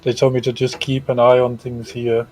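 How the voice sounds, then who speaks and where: A man's voice: mid-range voice, monotone, normal speed, a little mellow, faint music behind, lightly acted, low-quality recording. A man voicing a nervous young female guard recruit who stammers and tries to please. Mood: nervous pleading.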